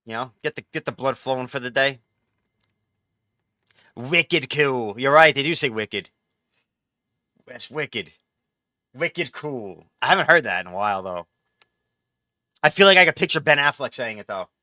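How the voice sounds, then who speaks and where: Bright-voiced New streamer, rambling. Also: male voice, medium pitch, animated, a little fast, long pauses, no room sound, studio quality. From New York. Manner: rambling, profane, answers chat. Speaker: live streamer. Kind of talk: casual live-stream chat while gaming.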